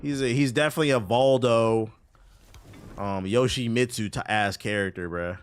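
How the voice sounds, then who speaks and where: A man streaming a game live, commenting as he plays, swinging from low muttering to loud outbursts. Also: moderate pace, clean tone, faint music behind. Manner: excitable, swings from muttering to shouting. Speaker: gaming streamer.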